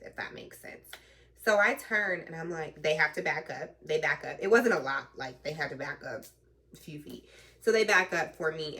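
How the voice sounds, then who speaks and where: A woman trucker in training, telling a story in a casual vlog with animated, chatty retelling, slang and some swearing. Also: sits low, far from the mic.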